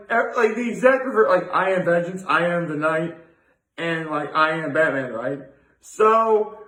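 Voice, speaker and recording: A man's voice: high-pitched, fairly bright tone. A young man hosting a daily video, rambling and digressing as he thinks aloud in a casual solo monologue. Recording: echoey room.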